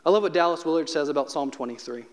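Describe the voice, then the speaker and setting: A man preaching a sermon as a pastor, conversational and humorous, slowing down to stress key phrases. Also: fairly high pitch.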